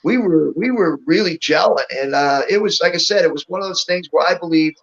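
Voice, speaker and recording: Speaking a little fast, a middle-aged man who used to wrestle shares casual stories as an interview guest, his fairly high voice gravelly and frequently broken by laughter. The recording sounds dull and lo-fi, as if over a remote call.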